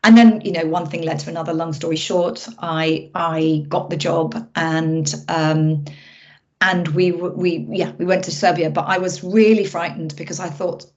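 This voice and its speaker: A woman film director being interviewed, chatting casually and telling stories in an animated way, often restarting her sentences. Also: lowish voice, moderate pace. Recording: muffled lo-fi audio.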